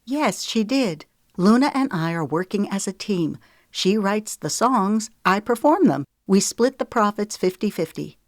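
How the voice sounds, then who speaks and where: Woman reader playing a young singer, plain and steady, dry close mic. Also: mid-range voice, measured pace, no echo, voice pushed up, lightly acted. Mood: reassuring.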